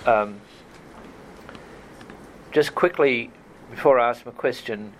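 A man hosting an event and moderating questions, asking in a halting, thoughtful way. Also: medium pitch, slight background noise, rough recording.

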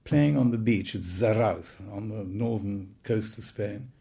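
An elderly man in his eighties shares his reminiscences in a relaxed, wry, anecdotal way. His voice is gravelly, with a soft and mellow tone. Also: on the low side, unhurried. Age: 80s. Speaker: speaker recounting his childhood. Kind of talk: reminiscing talk.

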